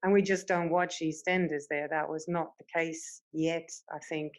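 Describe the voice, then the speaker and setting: A woman's voice: low-pitched, little pitch movement, normal speed, low-quality recording. A woman from the Netherlands with a Dutch accent, speaking English as a second language as an audience member, hesitant and restarting often. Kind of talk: casual panel discussion.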